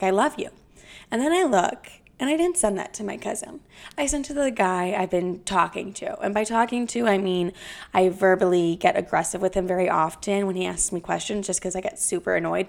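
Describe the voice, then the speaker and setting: A woman's voice: medium pitch, creaky. A woman in her twenties hosting a podcast, talking casually and bluntly, swearing and mocking herself. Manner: blunt, profane and self-mocking. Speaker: podcast host. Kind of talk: casual monologue.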